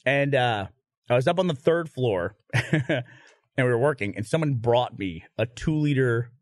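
A man hosting a podcast, telling a story in a casual, animated way, swearing and laughing through it. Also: mid-range voice, a little slow, dry recording, clean studio sound.

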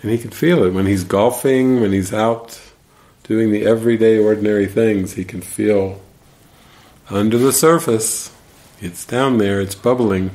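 A man giving casual spiritual commentary, telling stories in an animated way and laughing as he goes. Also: on the low side, measured pace. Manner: animated storyteller, laughs while retelling. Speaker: spiritual teacher.

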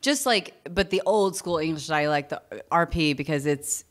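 A woman with a Southern US accent, speaking as a guest in a relaxed interview. Her voice sits a little low for a woman. She is chatty, laughs often and keeps restarting her sentences. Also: moderate pace. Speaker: actor, guest. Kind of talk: casual interview chat.

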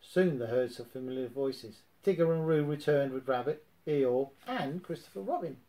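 A man reading a children's storybook aloud in a gentle, expressive way. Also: mid-range voice, moderate pace, poor audio.

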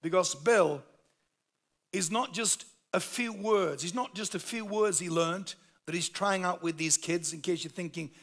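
A man's voice: high-pitched, unhurried, a bit bright. A man with a Yorkshire accent preaching a sermon, telling a story with emphatic, humorous delivery. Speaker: pastor.

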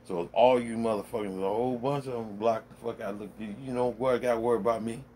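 A man's voice: mid-range voice, steady tone, fast, mellow, slight background noise. Blunt, profane middle-aged man rambling. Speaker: vlogger. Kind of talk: casual rambling monologue. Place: home man cave.

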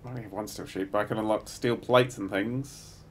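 A middle-aged man streaming a game live, muttering to himself, swearing freely and bursting into excited exclamations. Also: fairly low pitch, a little fast, slight background noise. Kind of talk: live gameplay commentary.

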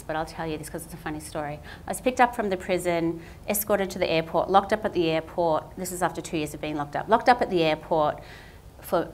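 A woman speaks to an audience about her own art. Her delivery is candid and self-deprecating, in a fairly low voice. Faint background hiss sits under the recording. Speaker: guest artist speaker. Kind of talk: public talk with slides. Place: talk venue at a justice centre.

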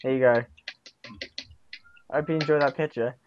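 A man's voice: mid-range voice, steady tone, moderate pace, noisy background. A man chatting casually with a friend on a call, giggling and breaking into helpless laughter. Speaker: host. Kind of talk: casual chat over a call. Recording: dull lo-fi recording.

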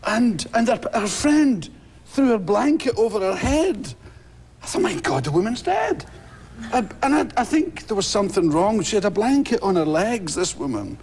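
A Scottish man, a guest comedian, telling animated stories on a talk show and acting out voices and crowd shouts. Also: sits high, normal speed, slightly rough. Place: television studio.

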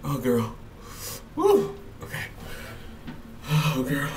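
A man's voice: medium pitch, normal speed, a little hiss or hum. Young man, sassy nervous home vlogger, roomy echoey sound, mic a bit far off. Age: 20s. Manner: nervous, chatty, sassy, says "girl" often. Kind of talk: casual vlog talk. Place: home bathroom. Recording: roomy echo, slightly distant.

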